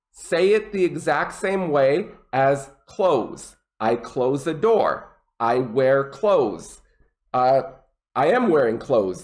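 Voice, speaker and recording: A man teaching an English lesson, explaining common mistakes slowly and deliberately with example sentences. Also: a little high.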